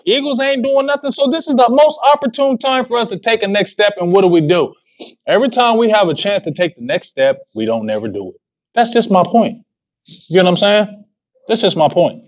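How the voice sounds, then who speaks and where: A man's voice: sits high, highs cut off. A man hosting a sports fan livestream, ranting with heated rhetorical questions and slangy trash talk. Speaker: sports show host. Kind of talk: fan commentary livestream rant.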